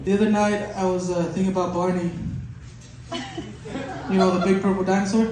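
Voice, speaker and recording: A man doing a stand-up bit, excitable and working himself into mock panic. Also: high-pitched, brisk, pauses often, background noise. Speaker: stand-up comic. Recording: echoey room from a distance.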